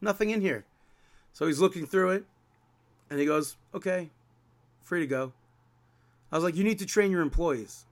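A man's voice: a little high, normal speed, long pauses. A man telling a story on a podcast, acting out each exchange as he gets more and more exasperated. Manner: animated, exasperated retelling with quoted dialogue. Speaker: podcast co-host. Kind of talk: casual chat, storytelling.

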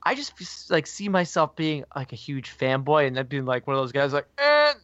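A man's voice: mid-range voice, moderate pace, fairly bright tone, no echo. A man co-hosting a podcast in casual chat, rambling and filling his talk with "like". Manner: rambling, fills speech with "like". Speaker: podcast co-host. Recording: dull lo-fi dry sound.

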